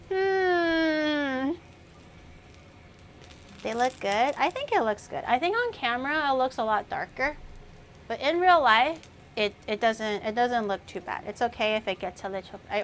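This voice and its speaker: A woman's voice: a little high, slight background noise. A young woman chatting casually on a cooking livestream, thinking aloud and snapping back at her chat. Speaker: cooking streamer.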